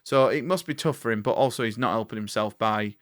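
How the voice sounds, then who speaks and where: A man co-hosting a podcast, talking in a rambling, halting way with casual swearing. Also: fairly low pitch, a bit bright, no room sound, studio quality. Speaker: podcast co-host. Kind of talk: casual chat.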